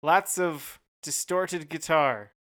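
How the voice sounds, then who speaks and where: Smooth-voiced Californian man, dry humor. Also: fairly high pitch, takes it slowly, a bit bright. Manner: hesitant, dry humor, many fillers. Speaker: podcast co-host. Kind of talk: casual music review chat.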